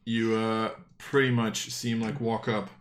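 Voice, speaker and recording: A man's voice: lowish voice, level tone, measured pace. A man narrating a tabletop game as game master, casual and full of fillers.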